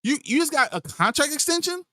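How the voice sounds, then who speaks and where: Guy ranting on a sports podcast, high voice jumping all over, dry close mic. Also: big pitch swings, fairly quick, pushed and bright, no echo. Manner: exasperated, profane ranting. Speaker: podcast host.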